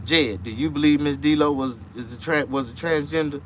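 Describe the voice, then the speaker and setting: A man hosting a casual livestream chat, rambling and profane, dropping to low mutters and jumping to high excited outbursts. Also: moderate pace, slight background noise. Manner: profane, rambling street talk. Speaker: livestream host.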